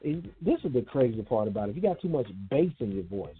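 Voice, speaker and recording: A man hosting a casual panel talk show, speaking in a halting way with restarts. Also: medium pitch, sing-song, breathy edge. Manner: halting, many filler restarts. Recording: tinny phone-like line with faint music.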